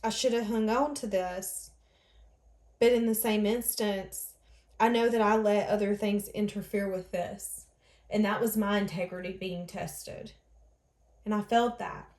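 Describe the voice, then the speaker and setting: A woman's voice: mid-range voice, steady tone, a little slow, a little mellow, echoey room. Earnest woman giving a tarot reading. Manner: earnest, channels others' words in first person. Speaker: tarot reader. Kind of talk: emotional tarot reading monologue.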